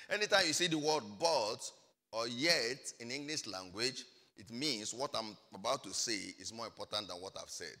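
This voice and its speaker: A man preaching a sermon as pastor, swinging between hushed asides and loud, shouted exhortation. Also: mid-range voice, expressive, moderate pace. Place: large church hall. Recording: church hall reverb.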